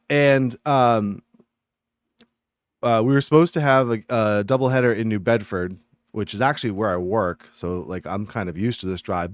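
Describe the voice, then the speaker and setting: A man's voice: fairly low pitch, no echo, studio quality. A man from Massachusetts chatting and ranting on a live game stream, reading viewer chat aloud.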